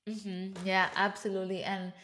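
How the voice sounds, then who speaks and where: A woman's voice: medium pitch, completely flat delivery, moderate pace. A woman hosting a podcast in casual conversation, chatty and mixing in Spanish words. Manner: chatty, warm-hearted, mixes in Spanish words. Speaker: podcast host.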